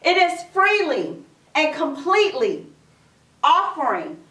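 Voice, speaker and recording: A woman's voice: sits high, big pitch swings, takes it slowly, sharp tone. A woman preacher giving a sermon, telling a story and repeating phrases for emphasis. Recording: echoey room from a distance.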